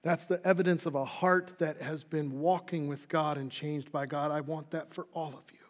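A fairly high-voiced man preaches a sermon to his congregation. He is earnest, builds to emphatic peaks and falls to soft, quiet endings. His voice rings out with a long hall reverb. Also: fairly even intonation, moderate pace. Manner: earnest preaching, rising to emphatic, dropping soft for closing lines. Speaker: pastor.

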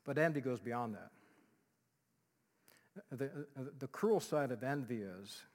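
A male pastor preaching a sermon in an animated way, dropping to a hush and rising loud again. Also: mid-range voice, slow, long pauses. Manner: animated, swings from loud to hushed, acts out quotes. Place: church sanctuary. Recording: long reverb of a church hall.

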